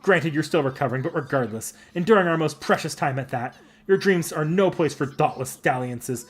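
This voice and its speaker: A man's voice: on the high side, a little fast, breathy edge. A man voicing a proud, dramatic young woman warrior-emperor from a game, with theatrical, flamboyant indignation. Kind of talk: voicing game dialogue aloud.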